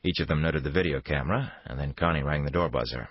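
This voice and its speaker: Deep-voiced male thriller narrator. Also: fast talker, husky, no room sound, lo-fi sound. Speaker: audiobook narrator.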